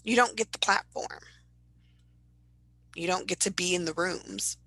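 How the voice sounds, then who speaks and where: A young woman co-hosting a podcast in casual chat, telling stories with animated bursts of high-pitched impressions. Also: unhurried, no room sound, rough recording. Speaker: podcast co-host.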